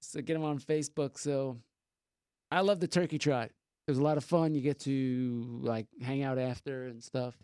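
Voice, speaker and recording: A man's voice: mid-range voice, fairly even intonation, normal speed, a little mellow, clear, resonant tone, no echo, clean studio sound. A man hosting a casual radio talk show, chatting with a guest and reading out the call-in number.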